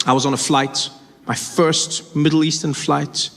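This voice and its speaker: A man's voice: a little high, flat delivery, a little slow, vocal fry, a bit bright. A man performing stand-up comedy, telling stories in a conversational way with self-correcting asides. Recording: live stage mic in a reverberant hall with a noisy crowd.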